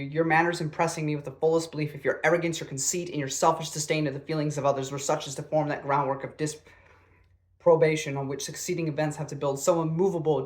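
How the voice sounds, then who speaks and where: Guy reading as a sharp teasing young lady, fairly high voice, barely acted. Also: close to an everyday voice. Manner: reading dialogue aloud with light emphasis.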